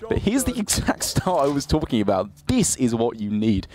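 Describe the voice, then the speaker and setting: A man's voice: mid-range voice, huge pitch swings, normal speed, a little mellow. Analytical man casting a card game. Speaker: esports caster.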